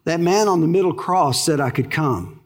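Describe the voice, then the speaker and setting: A man's voice: a little high, expressive, moderate pace. A man with a Texan accent voicing a simple, plainspoken male thief who is unsure how he got into heaven. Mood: plain.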